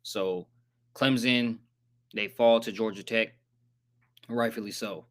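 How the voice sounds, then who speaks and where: A man hosting a casual live sports recap, rambling in slangy, profane talk and saying he sounds flat and let down. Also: lowish voice, slow pace, pauses often. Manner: says he sounds monotone and disappointed. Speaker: sports channel host.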